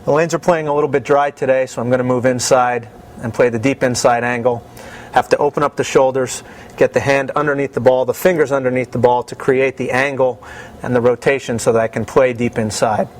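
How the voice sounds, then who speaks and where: A man calmly and methodically explaining his own technical routine as a bowler. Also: medium pitch, a little fast, a little hiss or hum.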